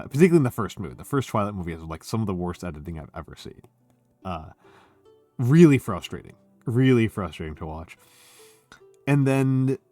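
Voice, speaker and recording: A man ranting casually on a stream, sardonic and quick to swear, often breaking into laughter. His voice sits in a middle pitch and sounds close and dry. Soft music plays faintly underneath. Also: no room sound. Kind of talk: casual chat.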